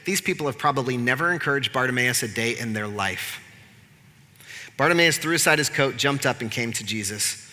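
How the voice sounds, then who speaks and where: A man preaching, his voice sharp and cutting. He tells the story in an animated, joking, conversational way, and the sound carries a long echo through a large sanctuary. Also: medium pitch, brisk. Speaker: pastor. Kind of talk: sermon. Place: church sanctuary.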